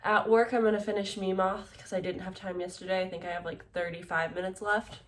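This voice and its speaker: A woman's voice: medium pitch, fairly even intonation, fairly quick. Chatty young woman vlogging. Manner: chatty, rambling with fillers. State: tired, yawning. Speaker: book vlogger. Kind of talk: casual vlog chat.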